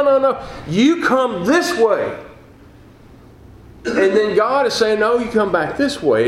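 High-voiced older preacher. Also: male voice. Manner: folksy, conversational preaching with rhetorical questions. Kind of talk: sermon. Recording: echoey room.

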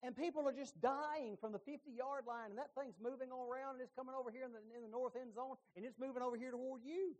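A middle-aged man preaching a sermon, telling the story with lively emphasis and folksy asides. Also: very high voice, fast, few pauses.

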